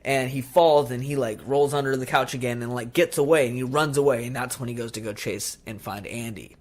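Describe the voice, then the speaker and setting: Male podcast co-host, mid-pitched, lively storyteller. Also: a little fast. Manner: animated retelling, acts out movie lines. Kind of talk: casual chat.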